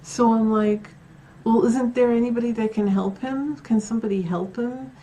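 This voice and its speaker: A woman's voice: on the high side, steady tone, moderate pace, dark tone, slight background noise. A woman telling her own paranormal stories at home in a casual, chatty way, with many fillers and acted-out quotes. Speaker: paranormal vlogger. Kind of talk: casual storytelling to camera. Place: at home, near a bedroom.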